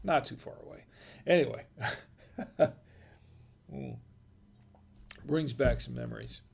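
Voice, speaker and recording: A man's voice: medium pitch, takes it slowly, vocal fry, slight background noise. A middle-aged man hosting a wine review livestream, chatting casually in a rambling, digressive way and chuckling often. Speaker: host of a wine review show.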